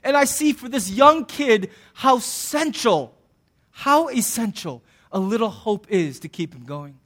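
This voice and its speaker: A middle-aged man, a pastor, preaching a sermon in an animated, joking way and acting out voices. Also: very high voice, measured pace. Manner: animated, jokey, acts out voices.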